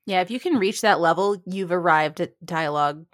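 A woman's voice: fairly low pitch, a little fast, no echo, studio quality. A woman co-hosting a casual writing podcast, giving firm opinions and laughing often. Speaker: podcast co-host. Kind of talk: casual chat.

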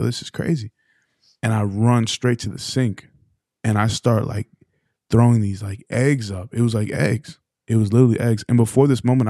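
Young male podcast co-host, low and mellow, loose rambling testimony, dry recording. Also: dry recording. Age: 20s. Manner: rambling, full of "like". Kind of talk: casual testimony.

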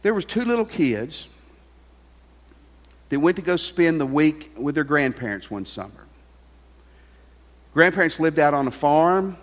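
A pastor preaching a sermon, telling a story and sinking to a soft hush on key lines. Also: male voice, a little high, expressive, measured pace, long pauses. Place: large church hall. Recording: long hall reverb with faint music.

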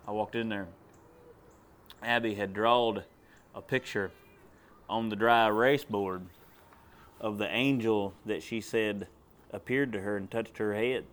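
Long pauses mark this unhurried preacher's delivery, his voice low and steady. He shares a testimony in a sermon as a plain, drawling story, at times rising to loud commands.

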